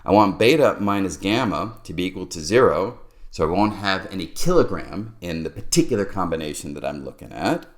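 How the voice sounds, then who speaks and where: A middle-aged man with a low voice explains a physics derivation as he writes it out. His pitch swings widely as he muses aloud over each step, like a teacher at a board. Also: big pitch swings, a little fast. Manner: musing, talks to himself while writing. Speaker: physics lecturer.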